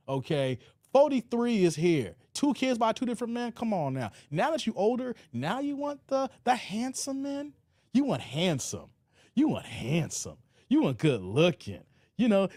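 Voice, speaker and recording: High-ish dude riffing on a clip, laughing a lot, dry sound. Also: male voice, a little mellow, dry recording. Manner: loose, joking, laughs often. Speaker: commentary show host. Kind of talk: reaction commentary reading live chat.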